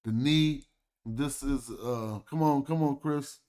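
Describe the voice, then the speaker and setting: A man speaks in at a mid pitch, hosting his own livestream in a loose, casual way. He thinks aloud as he reads, sounding out words slowly and drawing them out. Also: a little mellow. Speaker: livestream host. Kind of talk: casual livestream study talk.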